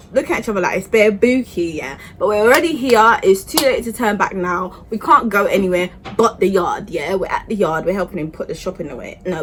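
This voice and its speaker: A young woman tells a story to camera in a chatty, animated way. Her pitch swings widely as she talks. A faint hiss of room noise sits under her voice. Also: poor audio. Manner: chatty, animated, keeps asking "yeah?". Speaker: vlogger. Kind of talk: storytime vlog.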